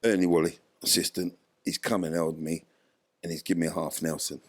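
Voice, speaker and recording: Here a deep-voiced older man talks at a brisk clip. He's a former footballer being interviewed, giving a lively retelling and voicing the dialogue of the people involved.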